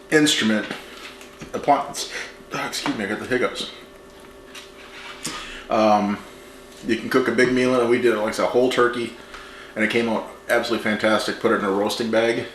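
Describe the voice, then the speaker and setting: A man hosting a home cooking show, talking through a recipe in a relaxed, chatty way as he works in his kitchen. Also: lowish voice, a little hiss or hum. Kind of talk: casual cooking demonstration. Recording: echoey kitchen with clattering dishes.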